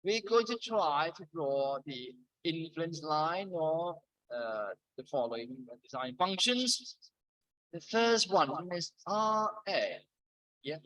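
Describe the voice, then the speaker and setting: A middle-aged male lecturer with a slightly high voice, keen and bright in tone. He talks a university class through the material in a loose, chatty way, dropping joking asides between points. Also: lively intonation, takes it slowly, poor audio.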